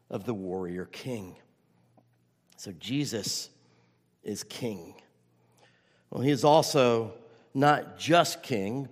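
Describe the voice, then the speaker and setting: A man's voice: fairly high pitch, in a large hall. A man preaching a sermon as pastor, earnest and urgent, often restarting his phrases.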